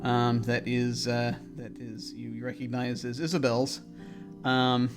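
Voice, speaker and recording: A man's voice: mid-range voice, level tone, takes it slowly, over music. A man narrating a tabletop game as game master, hesitant, with many ums and restarts.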